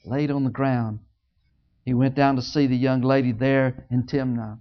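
A preacher telling a Bible story in a sermon, swinging between loud, high outbursts and hushed low asides, joking with the congregation. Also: fairly even intonation, moderate pace. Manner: jokes with the congregation. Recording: dull lo-fi recording.

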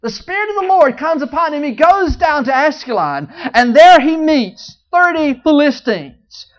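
A preacher telling a Bible story in a sermon, swinging between loud, high outbursts and hushed low asides, joking with the congregation. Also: big pitch swings, moderate pace. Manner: jokes with the congregation. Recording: dull lo-fi recording.

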